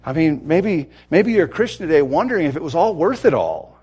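A man preaching a sermon, telling a story dramatically and swinging from loud to hushed. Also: a little high, big pitch swings, fairly quick, breathy edge. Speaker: pastor.

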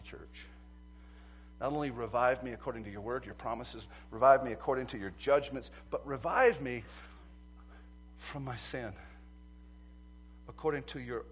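A man preaching a sermon as pastor, swinging from quiet asides to loud emphatic passages and acting out a courtroom story. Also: medium pitch. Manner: acts out courtroom scenes in quoted voices.

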